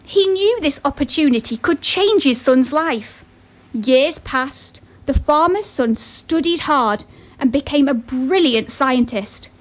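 A woman's voice: high voice, animated, takes it slowly. A woman giving an earnest motivational talk and telling a story, with chatty asides.

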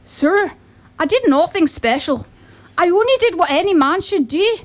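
A woman's voice: very high-pitched, expressive, moderate pace, voice pushed up. A woman voicing a humble, kind poor farmer with a put-on Scottish accent.

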